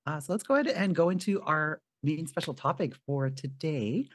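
A woman's voice: sits low, animated, normal speed, no room sound, clean studio sound. A woman hosting a podcast interview, friendly and self-deprecating, asking questions in a casual way. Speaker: podcast host.

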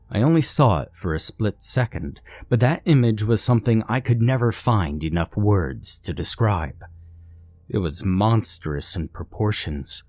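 Deep-voiced man narrating horror. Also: darkish tone, no room sound. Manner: measured, dramatic storytelling. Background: faint music.

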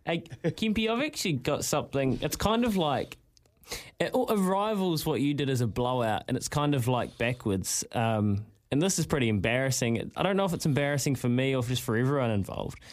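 A man's voice: mid-range voice, a little fast. A man telling a story on a breakfast radio show, acting out quotes with a jumping voice. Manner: animated storytelling, acts out quotes in a raised voice. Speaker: radio host. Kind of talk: casual breakfast radio banter.

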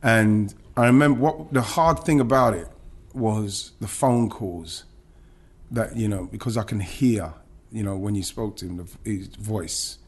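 A man's voice: fairly low pitch, unhurried, husky. A man, a former footballer, recounting his career in an emotional podcast interview, with many restarts and some swearing.

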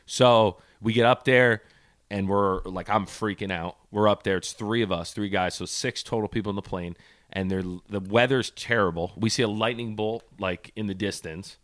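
A man's voice: on the low side, normal speed, a bit bright, no room sound, studio quality. A man co-hosting a podcast, animatedly telling a story and acting out the people in it. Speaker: podcast co-host. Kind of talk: casual chat.

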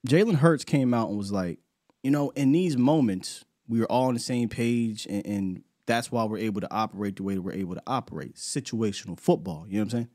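A man's voice: fairly low pitch, a little fast, mellow, dry recording, clean studio sound. A man co-hosting a sports talk show, stammering as he starts and building his point with "right?".

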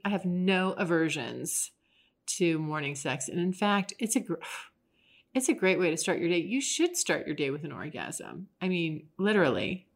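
A young adult woman hosting a podcast, talking alone in a frank, chatty way with frequent restarts. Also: on the low side. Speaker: podcast host. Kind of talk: casual solo monologue.

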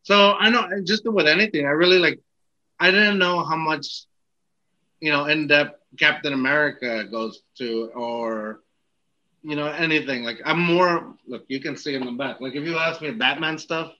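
Man, podcast host, casual chat, rambling, halting, bright voice, muffled lo-fi sound. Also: fairly high pitch. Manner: rambling, halting, laughs often.

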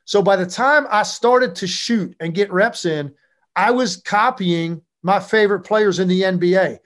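Slightly slow and high-pitched, a former basketball player from Virginia shares stories during an informal interview. He stays animated and uses fillers constantly.

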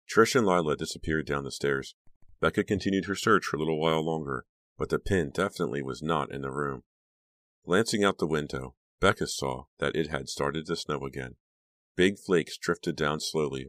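Audiobook narrator, male, very deep voice, dry close sound, measured storytelling. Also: fairly bright tone, dry recording.

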